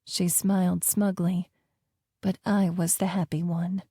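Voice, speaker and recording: Mellow woman narrating an audiobook. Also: on the low side, level tone, measured pace, breathy edge, dry recording, clean studio sound. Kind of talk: first-person romance audiobook narration.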